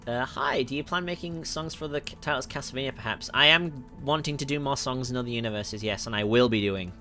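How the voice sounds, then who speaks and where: Fairly quick and sharp-toned, this man's mid-range voice carries a Northern English accent from the north of England. He's a music producer answering chat questions on a livestream Q&A, frequently laughing and correcting himself with many ums.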